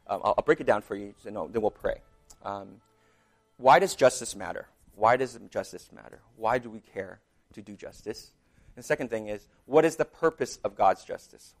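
A man preaching a sermon, praying quietly and reading scripture with rising emphasis, chewing gum because of a dry mouth. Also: fairly low pitch, vocal fry. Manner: chewing gum while speaking; prays softly, reads scripture with rising emphasis. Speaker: pastor.

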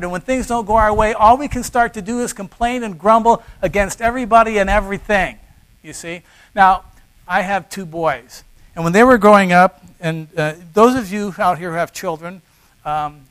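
A middle-aged man preaches with a fairly high voice. He leans hard on key words, then drops to quiet asides. His delivery is that of a pastor working through a sermon. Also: low-quality recording. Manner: emphatic, swings between loud stresses and quiet asides.

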